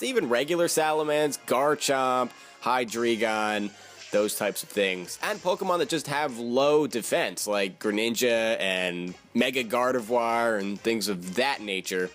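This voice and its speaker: A man's voice: medium pitch, lively intonation, a little slow, fairly bright tone, soft background music. A man casually commentating his own game battle, thinking aloud and joking at himself.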